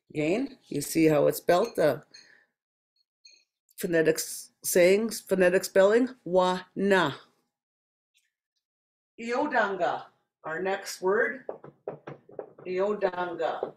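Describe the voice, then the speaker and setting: Patient language teacher from Saskatchewan, mid-pitched, very slow delivery, roomy echo. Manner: repeats each word slowly and deliberately, patient explaining. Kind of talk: slow spoken language lesson.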